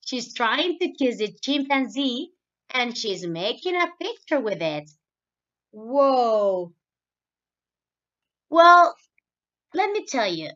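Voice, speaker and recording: Lively woman teaching English to kids. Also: a little high. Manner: explains in English, then repeats in Spanish. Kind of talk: recorded online lesson for children. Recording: dull lo-fi voice recording.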